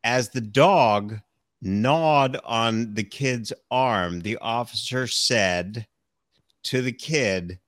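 A man's voice: mid-range voice, extremely slow, fairly bright tone, no room sound. A man co-hosting a podcast in casual chat, teasing and laughing. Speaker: podcast co-host.

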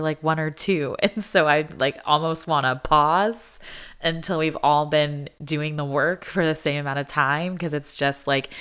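Low-voiced young woman chatting casually. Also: a bit bright, clean tone. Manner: chatty, frequent "like" fillers, laughs often. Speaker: vlogger. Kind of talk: casual chat.

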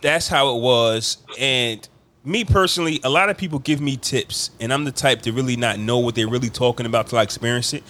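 A man casually telling a long, animated story to friends on a podcast, slipping into quoted voices and laughing along. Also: medium pitch, brisk.

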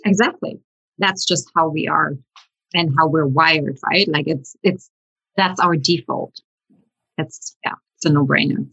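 Low husky woman, earnest. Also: measured pace, fairly bright tone, no room sound, highs cut off. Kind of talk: casual chat.

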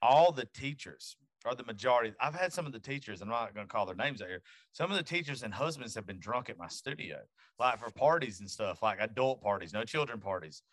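A man's voice: mid-range voice, a little fast, no echo, studio quality. A man hosting a podcast, telling blunt, profane stories about his daughter in a casual chat. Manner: profane, animated storyteller. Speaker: podcast host.

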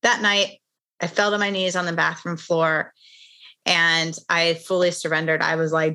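A middle-aged woman guest speaking with a bright, forceful edge and a slightly low pitch. She tells her story earnestly and candidly, in a conversational interview. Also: level tone, moderate pace. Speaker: podcast guest, author.

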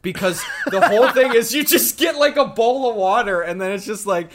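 A young man from Minnesota co-hosting a podcast, telling stories in a lively, swearing, casual way. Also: high voice, a little fast. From Minnesota, United States. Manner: animated storyteller, swears a lot. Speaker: podcast co-host. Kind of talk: casual chat.

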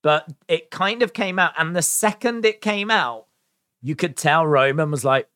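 A man giving a chatty, excitable recap and review of a wrestling show, full of fillers. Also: on the high side, a little slow, clean tone, no room sound. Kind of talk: casual spoken recap and review.

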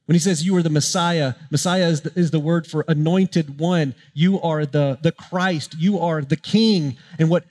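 A man's voice: on the high side, normal speed, hardly any pauses, darkish tone. A man preaching a sermon as pastor, impassioned and emphatic, building to strong peaks.

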